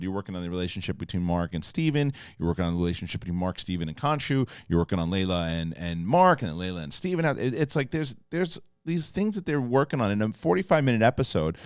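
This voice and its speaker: Male host, low-pitched and lively, casual review talk, dry close sound. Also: dry recording. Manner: excited, rambling retelling with many restarts. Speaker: show host reviewing a TV episode.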